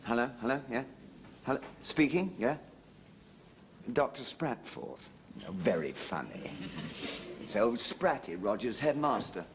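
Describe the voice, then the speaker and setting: A man's voice: measured pace, long pauses, a little hiss or hum. An actor playing a charming, wheedling, womanizing middle-aged husband in a sitcom. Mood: flustered. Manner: charming, wheedling, with lively pitch swings. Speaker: philandering husband. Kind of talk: studio sitcom acting.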